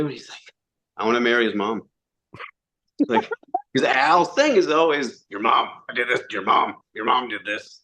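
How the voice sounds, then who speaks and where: A man, a podcast guest, telling animated stories in casual chat, acting out quotes and swearing freely. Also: on the low side. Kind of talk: casual storytelling interview.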